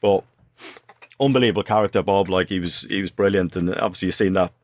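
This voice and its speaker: A middle-aged man, a former footballer, telling animated stories in casual studio chat. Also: sits low, fast. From Ireland. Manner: animated anecdotes, acts out quotes, swears. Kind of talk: casual storytelling. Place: podcast studio.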